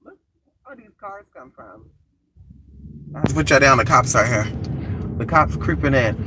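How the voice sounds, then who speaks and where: A man's voice: medium pitch, expressive, normal speed, background noise. A man chatting casually and profanely on a live stream from a vehicle, greeting viewers by name. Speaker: vlogger.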